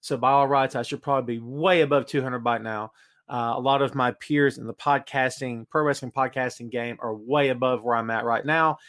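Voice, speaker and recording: A man's voice: medium pitch, steady tone, brisk, fairly bright tone. A man hosting a casual live-stream podcast from his home studio, chatting and greeting viewers by name. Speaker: podcast host.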